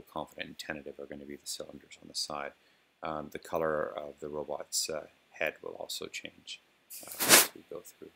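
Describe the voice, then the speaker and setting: Very deep gravelly man, flat voice. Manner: relaxed, filler-heavy, talks plainly to a robot program. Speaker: developer demonstrating software. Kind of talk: casual screen-recorded tech demo.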